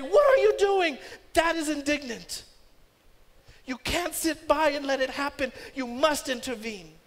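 A man pastor preaching a sermon emphatically, with loud stresses that drop into hushed asides. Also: very high-pitched. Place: church sanctuary. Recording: long church-hall reverb.

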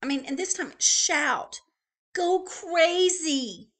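A woman's voice: very high voice, slow pace, voice pushed up, full character voice. A woman voicing a fretful little penguin. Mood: excited. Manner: chatty, pleading, excitable. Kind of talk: children's storybook read-aloud.

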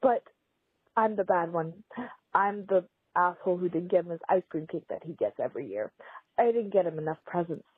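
Woman caller, voicemail over a phone line, emotional and rambling, husky. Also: lowish voice, expressive, moderate pace, no room sound. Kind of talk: voicemail confession.

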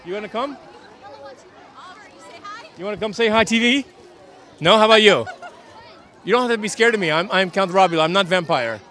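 A man's voice: high voice, animated, fairly quick, long pauses, pushed and bright. Guy putting on a transylvanian count character, broken english, goofy and reassuring, some crowd noise behind. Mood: playful. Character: male Transylvanian count posing as a businessman. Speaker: street interviewer. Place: outdoor Halloween parade.

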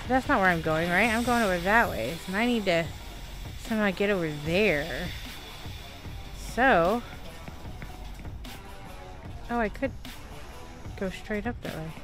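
A woman's voice: medium pitch, measured pace, pauses often, music in the background. Chatty Southern woman gaming streamer. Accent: Southern American. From Texas, USA. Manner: chatty, exclaiming, talks to herself. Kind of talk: live gameplay commentary.

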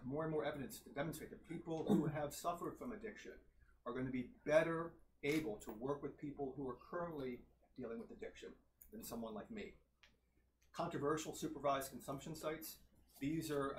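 A man giving a public health lecture with slides, earnest and emphatic, laying out points one by one. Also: mid-range voice. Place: lecture hall. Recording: roomy hall sound, faint noise.

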